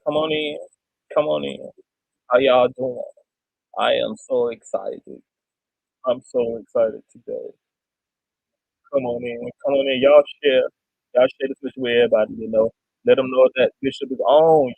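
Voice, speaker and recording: A man doing an impression of a male bishop who slowly welcomes viewers to his livestream. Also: medium pitch, fairly even intonation, gravelly, darkish tone, no room sound, pitched below the performer's own voice. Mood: welcoming.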